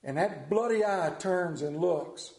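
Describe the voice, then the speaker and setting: A middle-aged man with a rural Southern American accent preaching a sermon, telling stories in a folksy, animated way with sudden quiet drops. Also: fairly high pitch, unhurried, reverberant.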